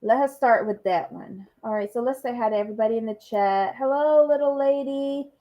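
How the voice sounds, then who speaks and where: A woman's voice: a little high, brisk, lo-fi sound. A woman co-hosting a recap show on a livestream, chatting casually and greeting viewers in the chat one by one. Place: lives abroad in Malta.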